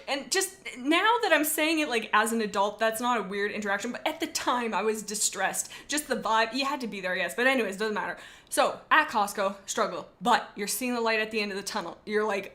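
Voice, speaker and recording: Young female streamer, casual chat; crisp bright tone, pitched a touch high, rambling storyteller. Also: a little fast. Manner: rambling and animated, tells stories with asides.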